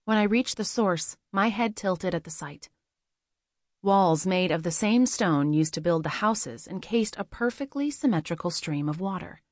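A woman reads a first-person fantasy story in a measured, quietly expressive way. Her voice sits on the low side, and the recording is dry and close with no room sound. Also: no echo. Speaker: audiobook narrator.

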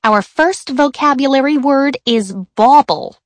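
A woman voicing a strict schoolteacher who speaks briskly and sternly to her class. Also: high voice, no room sound, voice pushed up. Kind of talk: audiobook character voice.

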